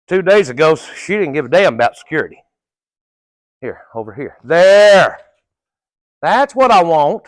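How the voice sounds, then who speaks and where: A middle-aged man with a fairly high voice talks through a horse training session live, unhurried and plain-spoken, with a folksy manner and an occasional casual swear. The recording is dry and close, with very little room echo.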